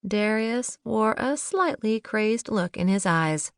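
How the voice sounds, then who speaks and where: Slow, measured woman narrating. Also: a little high, expressive, clean tone, no room sound, clean studio sound. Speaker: audiobook narrator. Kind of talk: first-person novel narration.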